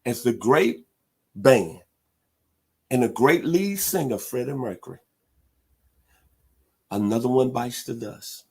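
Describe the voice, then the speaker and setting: A middle-aged man hosting a sports talk show, hyping teams in an animated, preacher-like way. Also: medium pitch, slow, pauses often, breathy edge. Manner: animated, preacher-like hype with loud hog calls.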